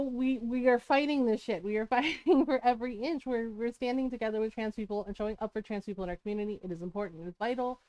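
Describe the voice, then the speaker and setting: A woman's voice: high-pitched, darkish tone, smooth, no echo. A woman streamer in casual livestream chat, ranting animatedly, swearing, laughing often and greeting viewers as she talks.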